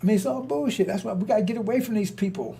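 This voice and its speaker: A man's voice: sits high, rapid-fire, vocal fry, mellow. An older man telling stories in a rambling monologue, blunt and confrontational, with frequent restarts and cursing. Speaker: storyteller.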